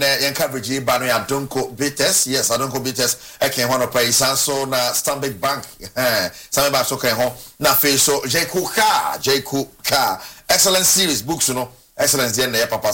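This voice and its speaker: A man's voice: medium pitch, brisk, hardly any pauses, bright, forceful tone. A man with a Ghanaian accent hosting a live sports broadcast, energetically rattling off sponsor names in repeated bursts. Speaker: sports show host.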